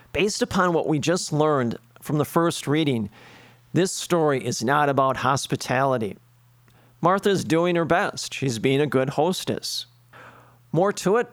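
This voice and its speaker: A man's voice: a little high, no echo. Man preaching a sermon, dry sound. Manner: earnest preaching with lists and rhetorical questions. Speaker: priest.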